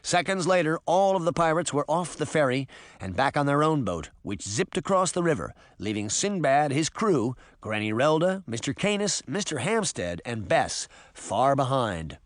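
Guy reading an adventure audiobook, lively ups and downs, dry close sound. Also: fairly high pitch, normal speed, no echo. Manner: expressive, varied reading. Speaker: narrator. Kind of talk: audiobook narration.

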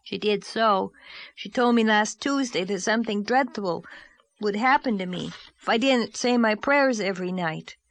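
A woman's voice: medium pitch, normal speed, voice pushed up, close to an everyday voice. A woman voicing a blunt, aggrieved six-year-old boy in a storybook reading. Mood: indignant. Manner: childish, plaintive, matter-of-fact.

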